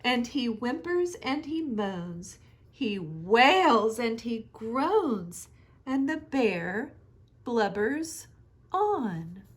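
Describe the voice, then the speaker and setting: A woman teacher reading a children's picture book aloud, with slow, expressive sing-song storytelling. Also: fairly high pitch.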